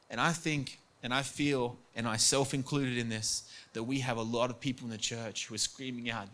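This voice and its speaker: A man's voice: mid-range voice, a little fast, hardly any pauses, bright, forceful tone. Earnest male preacher. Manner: earnest, acts out quoted voices, repeats words for emphasis. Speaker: pastor. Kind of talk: sermon.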